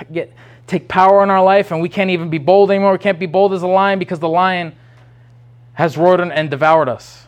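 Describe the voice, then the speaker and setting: A man preaching an informal sermon, rambling and restarting often, then pressing with urgent questions. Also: high-pitched.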